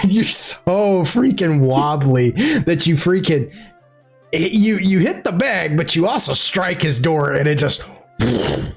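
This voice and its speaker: Husky, slow game master man. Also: a little high. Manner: laughs often, playful narration. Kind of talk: narrating a tabletop game.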